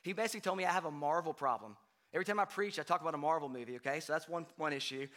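A man preaching a sermon in a conversational way, often checking in with "right?" and swinging from hushed to loud. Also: fairly high pitch, rapid-fire. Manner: conversational, frequent "right?" asides, animated swings from quiet to loud. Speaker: pastor.

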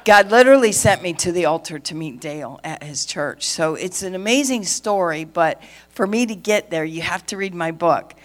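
A middle-aged woman, a pastor's wife and preacher, tells a story from the pulpit in a lively way, acting out the dialogue. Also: on the low side. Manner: lively storyteller who acts out the dialogue and laughs. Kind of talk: sermon testimony.

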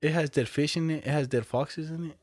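Ein junger Mann im lockeren Gespräch, der entspannt Geschichten erzählt, oft flucht und lacht. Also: male voice, a little high, steady tone, brisk, darkish tone, no room sound. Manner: laid-back storytelling, swears, laughs often. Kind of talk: casual chat.

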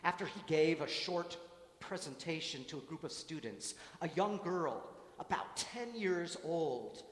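Man preaching in an echoey church. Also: a little high. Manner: measured preaching cadence with dramatic storytelling swells. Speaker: priest. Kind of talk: gospel reading and homily. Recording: echoey church with long reverb.

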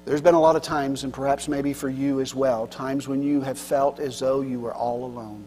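A man pastor preaching a sermon earnestly, swinging between loud emphasis and soft, low passages. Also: steady tone, normal speed. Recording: long hall reverb with mains hum.

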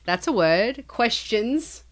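A woman's voice: on the high side, very animated, slow. A woman co-hosting a podcast, chatting casually, giggly and hesitant with many fillers. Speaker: podcast co-host. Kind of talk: casual chat.

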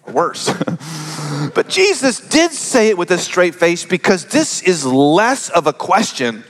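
A middle-aged man preaching a sermon, joking with the congregation and swinging from loud emphasis down to hushed whispers. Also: sits high, sing-song, measured pace. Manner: conversational, joking asides to the congregation. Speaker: pastor. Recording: long reverb of a large hall.

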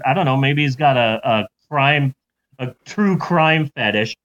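Slow, rambling comic narrator, man, higher voice, dull recording. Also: animated, a bit bright. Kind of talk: comedic storytelling.

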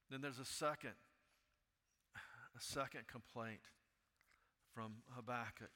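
Impassioned preacher in a reverberant hall. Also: male voice, medium pitch, steady tone, unhurried, long pauses. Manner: rises to loud impassioned pleading when reading scripture. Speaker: pastor. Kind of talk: sermon.

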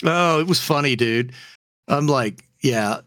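Podcast co-host, male, mid-pitched, heated ranting delivery, lots of fillers, dry close sound. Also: slow pace, fairly bright tone, dry recording. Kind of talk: casual opinionated chat.

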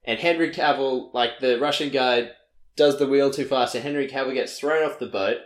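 A man's voice: mid-range voice, normal speed, roomy sound. A man co-hosting a podcast, recapping a film in casual chat with lots of fillers and restarts. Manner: rambling, filler-heavy recap with laughs. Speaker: podcast co-host.

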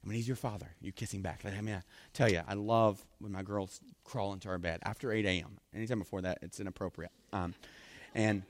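A man preaching a sermon as pastor, animated and acting out scripture scenes in different voices. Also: lowish voice, brisk.

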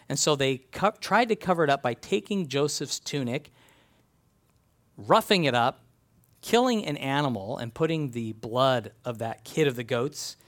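Guy preaching, kinda high-ish voice, earnest and chatty, reads the bible out then explains. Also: a bit bright. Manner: conversational and earnest, reads scripture aloud. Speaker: pastor. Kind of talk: sermon.

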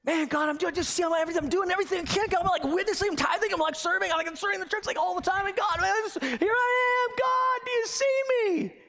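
A man acting out a frantic, overworked believer who pleads with God in a high, strained voice that rises to a shout. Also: fast talker, few pauses, heavily acted. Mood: desperate.

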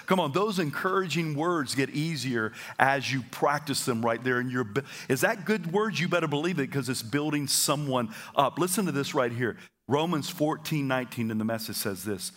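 A man preaching a sermon to his congregation, energetic and having them repeat phrases back to him, with stammered repeats and quick asides. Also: mid-range voice. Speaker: pastor. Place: church auditorium.

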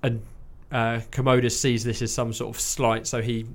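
A man's voice: mid-range voice, level tone, normal speed. Chatty man hosting a film podcast. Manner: chatty and enthusiastic, sprinkled with fillers and mild swearing. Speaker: podcast host reviewing a film. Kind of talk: casual chat.

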